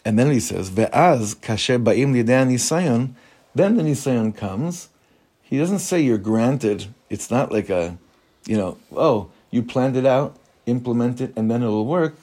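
A man's voice: medium pitch, expressive, unhurried, mellow. A man, a rabbi giving an informal Torah class in a conversational way, mixing Hebrew terms into his English and putting questions to the room.

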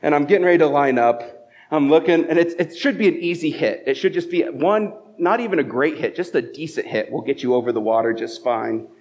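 A man's voice: a little high, fairly quick, darkish tone. A male pastor giving a conversational sermon at a church service, telling stories and asking rhetorical questions. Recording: dull, muffled lo-fi sound.

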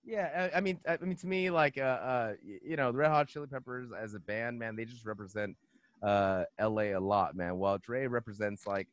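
A man's voice: medium pitch, fairly quick, no echo. A man talking as a guest musician on a podcast, rambling with lots of fillers and repeated "man" and "you know". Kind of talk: casual podcast chat.

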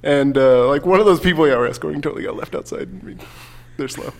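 A man's voice: fairly high pitch, fast talker, gravelly. A man narrating a tabletop game as game master, casual and laughing, with lots of fillers.

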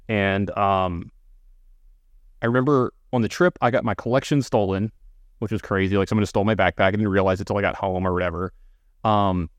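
Fast-talking man telling a rambling story. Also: on the low side, no room sound, studio quality. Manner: rambling, filler-heavy anecdotes. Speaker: podcast co-host. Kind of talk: casual storytelling.

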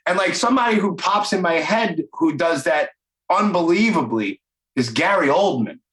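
A man's voice: high-pitched, expressive, moderate pace, a bit bright, roomy sound, rough recording. A man hosting a podcast, chatting casually and enthusiastically, swearing freely and rambling loosely. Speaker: podcast host. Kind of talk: casual interview chat.

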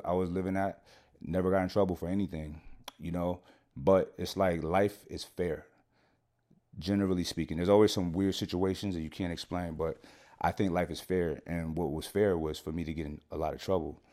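A man with a low, deep voice tells a story on a podcast. His talk is loose, slangy and full of swearing, and he keeps checking in with his listeners. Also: dark tone. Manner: slangy and profane, keeps saying "you know what I'm saying". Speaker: podcast guest. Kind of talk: casual storytelling.

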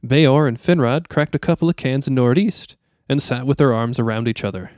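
A man's voice: medium pitch, brisk, a little mellow, no room sound, studio quality. A man with a Midwestern accent co-hosting a podcast, telling a story loosely and asking curious questions. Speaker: podcast co-host. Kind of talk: casual chat and retelling.

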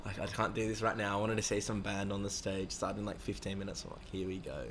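A young man rattles through a rambling story at a fast clip, acting out the voices of the people he quotes. His voice sits fairly low and his talk is loose and full of swearing. Faint noise sits under the recording. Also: level tone, fairly bright tone. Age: young adult. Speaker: interviewee. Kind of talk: casual storytelling with heavy swearing.

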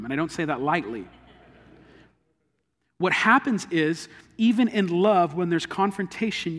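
Male pastor preaching conversationally, a bit high-pitched, in a hall with a long echo. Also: fairly bright tone. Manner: earnest, conversational preaching with everyday illustrations. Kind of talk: sermon.

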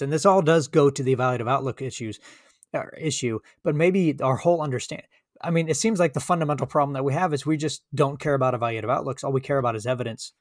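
A man's voice: medium pitch, no room sound, clean studio sound. Earnest man talking philosophy. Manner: earnest, emphatic, restarts often. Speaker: podcast co-host. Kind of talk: casual philosophical discussion.

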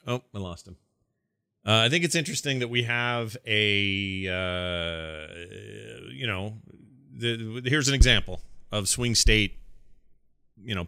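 A man's voice: on the low side, expressive, normal speed, pushed and bright, smooth, dry recording, studio quality. A man hosting a call-in radio talk show, casual and joking, taking callers. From Utah. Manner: casual, joking, laughs often.

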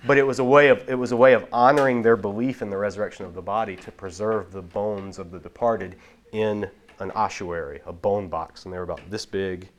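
A man with a fairly low voice gives a casual Bible lesson. He explains things at length and doubles back on his words as he thinks. The delivery is conversational rather than preached. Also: steady tone, fairly quick. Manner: explanatory, with frequent restarts and repeated words. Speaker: Bible teacher. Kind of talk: casual teaching talk.

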